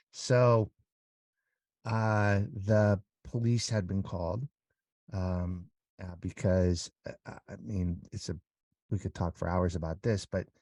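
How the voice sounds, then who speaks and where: Low, dark-voiced man telling his story. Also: no echo. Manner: halting, many restarts, animated when recounting. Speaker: interview guest. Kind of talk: candid conversational storytelling.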